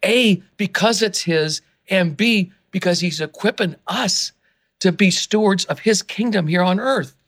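A man, an author and guest on a podcast interview, who gets excited and worked up as he talks, often restarting his sentences. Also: high-pitched, unhurried.

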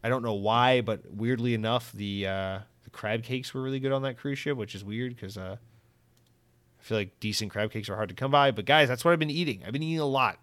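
A man chatting casually on his own podcast, rambling and swearing freely, jumping between highs and lows as he goes. His voice sits in an ordinary middle range. The sound is dry and close, with no room around it. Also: brisk, no room sound. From Central Florida. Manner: profane, rambling and animated. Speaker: podcast host. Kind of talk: casual chat.

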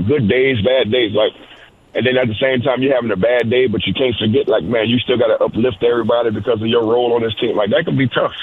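A man's voice: mid-range voice, slight background noise. Man on a tinny line, talking easy. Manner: relaxed, repeats words, many "you know"s. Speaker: wide receivers coach, guest. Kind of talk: casual interview answers.

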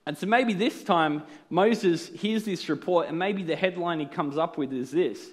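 Earnest preaching man, slightly higher voice. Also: lively intonation, unhurried, hardly any pauses. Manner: earnest, explanatory, rhetorical questions. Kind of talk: sermon.

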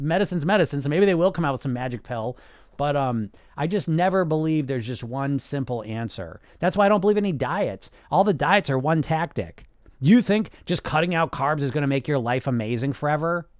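Male podcast coach, blunt and sarcastic, swears freely, slightly high voice, dry sound. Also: clear, resonant tone, no room sound. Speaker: weight loss coach and podcast host. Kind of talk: casual podcast monologue.

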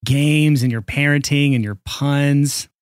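A man's voice: mid-range voice, no room sound, studio quality. A man co-hosting a casual podcast, joking and teasing his partner in easy banter. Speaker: podcast co-host.

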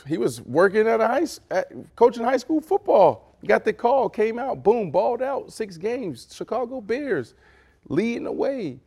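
A middle-aged man co-hosting a podcast in casual chat, animated and storytelling. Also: very high voice, normal speed, slightly rough. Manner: animated, acts out quotes with big voices. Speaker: podcast co-host.

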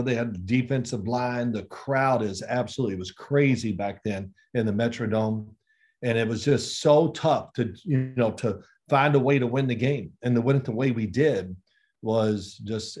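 Guest spot: man in his 60s, ex-quarterback, lively storyteller who plays out quoted dialogue. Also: mid-range voice. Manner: animated storyteller, acts out quoted exchanges. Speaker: former NFL quarterback guest. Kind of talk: casual interview storytelling.

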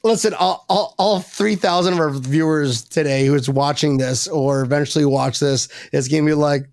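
A man hosting a casual podcast chat, rambling and excitable, with sudden high-pitched outbursts. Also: normal speed, hardly any pauses, no room sound, studio quality. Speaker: podcast host.

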